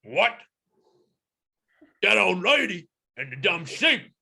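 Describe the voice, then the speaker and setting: Cartoonish gorilla heavy with a squeaky bellow. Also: male voice, very animated, slow, gravelly, sharp tone, slightly rough, full character voice. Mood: scornful. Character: gruff male gorilla guard Ernie.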